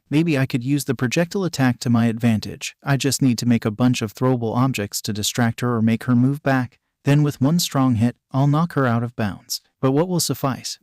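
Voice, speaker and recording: A man narrating a fan fiction story in an even, plain reading manner. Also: mid-range voice, dry recording, clean studio sound.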